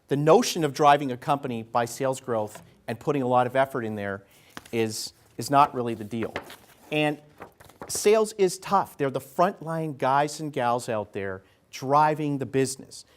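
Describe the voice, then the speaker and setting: A man giving a conversational business talk to a live audience, folksy and acting out what salespeople and executives say. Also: mid-range voice. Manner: conversational, folksy, acts out quotes. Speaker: keynote speaker. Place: event venue in front of an audience.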